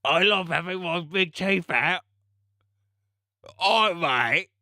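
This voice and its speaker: A man's voice: sits high, animated, slow, bright, forceful tone, no echo, clean studio sound, pitched above the performer's own voice, full character voice. A man putting on a mock British accent as a crude, cheeky lad who keeps saying "oi mate". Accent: put-on British. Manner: repeats "oi mate", bits of mocking slang.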